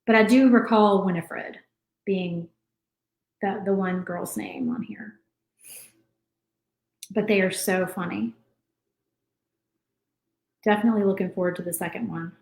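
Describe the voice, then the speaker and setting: A woman's voice: mid-range voice, steady tone, a little slow, vocal fry, pauses often, a little mellow. A woman, chatting casually while she paints and reads viewer comments aloud on a craft livestream. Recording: roomy echo.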